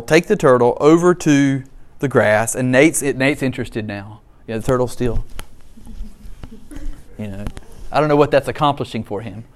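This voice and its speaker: A middle-aged man delivers a sermon in an animated, storytelling way. He mixes scripture with funny personal asides. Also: medium pitch. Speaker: pastor.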